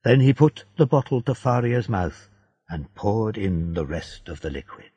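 A man narrating a story in a slow, deliberate storybook reading. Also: on the low side, animated. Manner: slow, gravelly, dark-toned reading. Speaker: audiobook narrator. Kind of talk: scripted narration of a graded reader. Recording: dull lo-fi dry recording.

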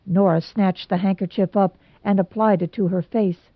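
A woman's voice: mid-range voice, fairly even intonation, normal speed, no echo. Woman narrating a storybook, dry sound. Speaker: audiobook narrator. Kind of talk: scripted narration. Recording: dull lo-fi recording.

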